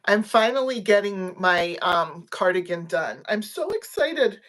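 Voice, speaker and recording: A woman chats casually on her crochet livestream, giggling often. She rambles and lets her sentences trail off softly. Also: medium pitch, very animated, a little slow. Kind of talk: casual live chat.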